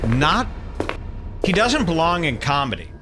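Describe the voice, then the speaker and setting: An indignant commentary host rants with theatrical disgust, voiced by a man. His pitch rises and falls widely. Clear music plays behind him. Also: big pitch swings, measured pace, sharp tone, full character voice. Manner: indignant ranting.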